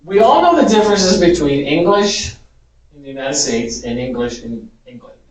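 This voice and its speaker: Animated man lecturing in an echoey hall. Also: on the high side, moderate pace. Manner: chatty, amused, animated. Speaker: Spanish teacher giving a talk. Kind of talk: informal lecture. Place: large echoey parish hall. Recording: echoey hall, distant mic.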